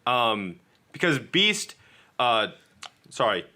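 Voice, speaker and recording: A man's voice: mid-range voice, big pitch swings, slow pace, sharp tone. A man co-hosting a podcast, casually recapping comic book issues and acting out the characters' lines. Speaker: podcast co-host.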